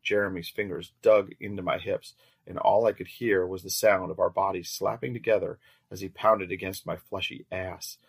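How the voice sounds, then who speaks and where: Deep gravelly male storyteller. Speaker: narrator. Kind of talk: scripted first-person story narration.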